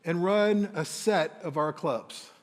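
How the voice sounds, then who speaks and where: A man's voice: fairly high pitch, takes it slowly. A man on stage voicing a brash male company CEO who teases him in a sing-song tone. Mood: teasing. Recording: long hall reverb.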